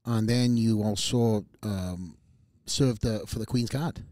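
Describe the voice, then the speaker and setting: A man hosting a podcast interview, asking questions in a relaxed conversational way and often repeating words as he starts. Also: fairly low pitch, slow pace, dry recording, clean studio sound. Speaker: podcast host. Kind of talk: interviewing a guest.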